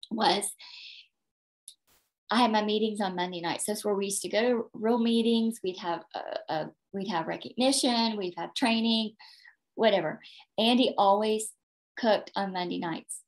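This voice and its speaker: A woman's voice: mid-range voice, moderate pace. Brief: emphatic woman team leader, motivational training talk, video-call sound. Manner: emphatic, repeats points, tags "okay?".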